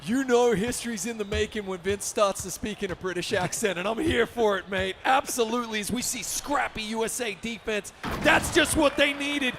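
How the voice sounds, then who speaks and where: A man giving energetic, upbeat play-by-play for a basketball video game tournament, often shouting the big plays. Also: high-pitched, moderate pace, a little hiss or hum. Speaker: esports commentator.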